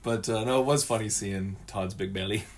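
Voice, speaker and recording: A man's voice: lowish voice, moderate pace, gravelly, a little hiss or hum. Laid-back chuckling male podcast host. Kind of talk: casual chat.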